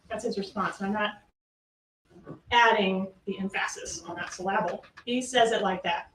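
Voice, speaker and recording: A woman's voice: medium pitch, steady tone, unhurried, a bit bright, slight background noise. Distant, echoey woman arguing in court. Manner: emphatic, rhetorical questions. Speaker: prosecutor. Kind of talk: courtroom closing argument. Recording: echoey room, distant mic, faint ambience.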